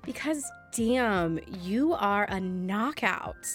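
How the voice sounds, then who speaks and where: A woman putting on a ditzy, flirty bimbo voice while reading pickup lines, with drawn-out words and fillers. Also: mid-range voice, lively intonation, soft background music.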